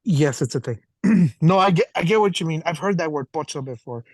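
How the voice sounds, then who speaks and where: A man from Spain, Spanish his first language, talking in English with a Spanish accent, telling stories fast and animatedly and swearing freely in a casual podcast chat. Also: on the high side, expressive, darkish tone, dry recording. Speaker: podcast guest.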